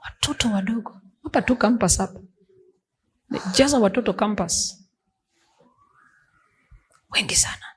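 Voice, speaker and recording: Casting note: woman pastor, forceful preaching, mid-pitched voice. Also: normal speed, pauses often, breathy edge. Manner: emphatic preaching, mixing English and Swahili. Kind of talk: sermon.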